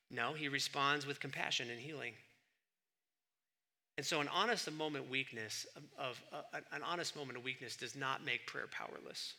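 A middle-aged man preaching a sermon, swinging between loud emphatic bursts and quiet asides. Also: on the high side, normal speed. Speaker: pastor.

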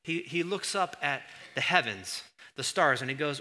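A man preaching a sermon as pastor in a church, acting out voices with sudden loud jumps. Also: on the high side, normal speed. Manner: animated, acts out God's voice with sudden loud jumps.

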